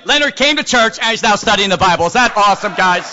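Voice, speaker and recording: A man preaching with a high, bright voice that leaps up and down as he acts out his stories. He keeps calling out to his listeners. The recording is dull, with a long echo from a large hall. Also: fast, a little hiss or hum. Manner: animated storytelling preacher, acts out voices, calls out to the crowd. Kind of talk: sermon.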